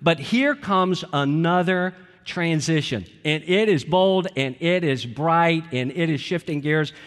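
A man's voice: a little high, measured pace, fairly bright tone, in a large hall. A man preaching a sermon as a pastor, emphatic, acting out quoted prayers with growing intensity.

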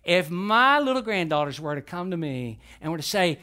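A man's voice: on the high side, lively intonation, brisk, hardly any pauses, bright, forceful tone. An older man preaching a sermon in a folksy way, telling stories and asking the congregation questions. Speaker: pastor.

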